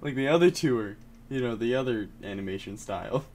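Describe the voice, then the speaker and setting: A man's voice: medium pitch, expressive, a little fast, darkish tone. A young man co-hosting a casual pop-culture podcast, rambling loosely and swearing offhand. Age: young adult. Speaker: podcast co-host.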